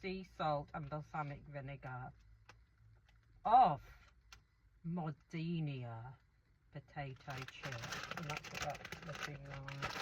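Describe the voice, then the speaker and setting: A woman's voice: deep voice, slow pace, heavy background noise. A middle-aged woman chatting casually through an eating show, rambling and talking to herself as she goes. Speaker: food vlogger.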